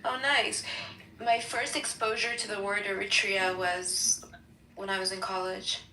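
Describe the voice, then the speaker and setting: Rambling bright-voiced woman, echoey call. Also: medium pitch, level tone, unhurried, slight background noise. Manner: rambling, many fillers like "like" and "um". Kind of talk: casual group chat. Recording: roomy, distant mic.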